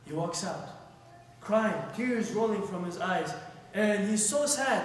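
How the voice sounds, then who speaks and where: A man tells a story to a study circle in an animated way, changing his voice for each character. His voice sits high. He sounds far from the mic in a large echoing hall, with faint noise in the background. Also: slow. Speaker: religious teacher. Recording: echoey hall, heard from far off.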